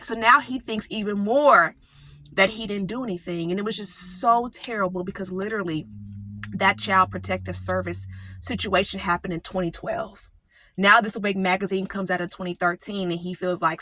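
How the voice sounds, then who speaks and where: A middle-aged woman, coaching others and speaking candidly and emotionally in a personal vlog, often pausing. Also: medium pitch, fairly even intonation, sharp tone, no echo. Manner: candid, emotional, with drawn-out pauses. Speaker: support group coach.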